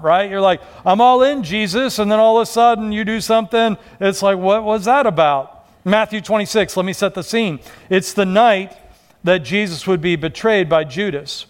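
High-voiced male pastor preaching conversationally. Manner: conversational, acts out quoted voices. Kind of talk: sermon.

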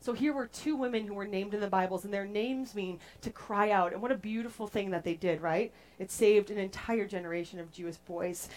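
A young adult woman preaching a casual, playful sermon to a group, chatty and animated as she tells stories. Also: mid-range voice, a little fast, hardly any pauses.

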